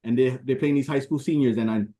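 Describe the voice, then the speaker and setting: A man in his forties with a Hawaiian Pidgin English accent, hosting a casual chat in a relaxed, storytelling way. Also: medium pitch, quick pace. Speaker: host.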